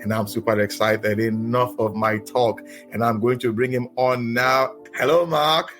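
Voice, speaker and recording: A man's voice: medium pitch, fairly even intonation, a little slow, fairly bright tone, faint music behind. A man from Nigeria hosting a podcast, chatty, often repeating and restarting his words. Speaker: podcast host. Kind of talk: casual interview podcast.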